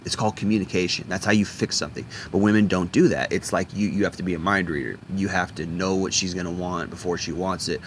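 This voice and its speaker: A man's voice: low-pitched, fairly even intonation, fast talker, hardly any pauses, a little hiss or hum. A man delivering a blunt, profane ranting monologue, often restarting and repeating himself. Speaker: video commentator.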